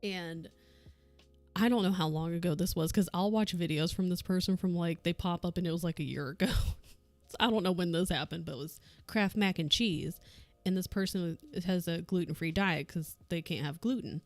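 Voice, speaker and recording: A woman's voice: fairly low pitch, normal speed, dry recording, faint music behind. A young woman streamer chatting casually while she crafts, telling a rambling story and laughing often. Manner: laughs often, rambling anecdote with acted quotes.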